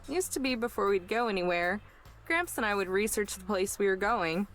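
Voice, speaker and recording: A woman voicing a guarded, laconic butch young woman who answers in short, low-key lines. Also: moderate pace, a bit bright, soft background music, natural voice.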